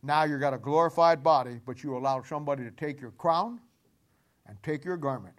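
A man preaching a sermon to a congregation, animated, repeating himself often and swinging between loud and hushed. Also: on the high side, brisk. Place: church before a congregation.

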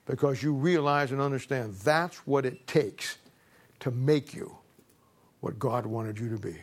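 A man's voice: mid-range voice, measured pace. Folksy storytelling male preacher. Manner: folksy storytelling, repeating words as he goes. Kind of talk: sermon with a told story.

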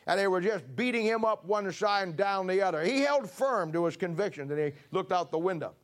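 Man, high voice, folksy emphatic sermon, pastor. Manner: emphatic, folksy preaching with rising bursts.

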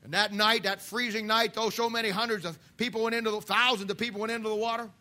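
A preacher man delivering a fiery sermon, swinging between loud shouts and hushed asides. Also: sits high, little pitch movement, quick pace.

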